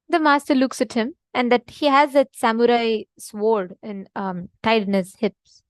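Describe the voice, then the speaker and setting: Earnest high-voiced woman teaching devotion. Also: normal speed, dry recording, clean studio sound. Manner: earnest, emphatic, repeats key points. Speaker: spiritual teacher.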